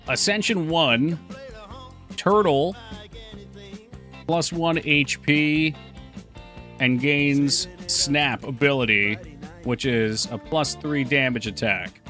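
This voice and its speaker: On a live stream, a man with a mid-range, fairly bright voice talks casually while working on his game. He thinks out loud and answers chat, with faint music playing behind him.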